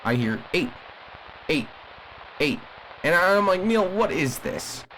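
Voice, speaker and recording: A man's voice: on the high side, sing-song, slow pace, a bit bright, a little hiss or hum, heavily acted, rough recording. A man voicing an agitated caller on a radio broadcast in an audio drama, speaking emphatically and rambling with frequent restarts. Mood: indignant. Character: agitated male radio caller defending a cursed family.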